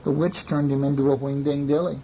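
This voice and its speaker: A man's voice: on the high side, flat delivery, fairly quick, dark tone, slight background noise, poor audio. A man reading a bedtime story to a child, with casual, chatty asides to the listener.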